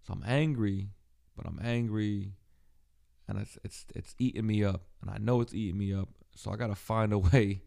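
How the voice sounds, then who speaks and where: Deep gravelly man venting raw. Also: fairly even intonation, warm tone. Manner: halting, profane, emotionally raw. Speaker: podcast host. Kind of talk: personal solo monologue.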